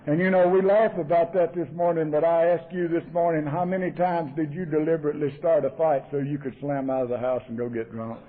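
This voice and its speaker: A man with a Southern drawl telling his recovery story in a folksy, emotional way, acting out the people in it. His voice sits high, and it comes through thin and tinny, like an old cassette tape of a meeting talk. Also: steady tone, fairly quick, hardly any pauses. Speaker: AA speaker. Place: meeting hall.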